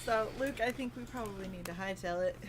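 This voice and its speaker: A woman's voice: medium pitch, fast talker. Casual woman player, noisy background. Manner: casual, swears and laughs easily. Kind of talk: casual tabletop game play.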